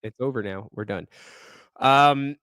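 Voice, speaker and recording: A man co-hosting a podcast, reading listener stories in casual chat, animated and profane, often laughing while he reads. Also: mid-range voice, a little slow, dry recording, clean studio sound.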